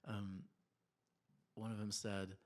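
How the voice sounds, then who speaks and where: A man in his thirties preaching a sermon in a church, telling family stories in a conversational, animated way with laughs and quiet asides. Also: lowish voice, slow. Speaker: pastor.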